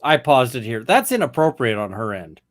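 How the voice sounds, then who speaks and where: A man's voice: medium pitch, very animated, normal speed. A man hosting a casual chat, talking loosely and swearing at times. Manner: casual, swearing, tangent-prone. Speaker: host.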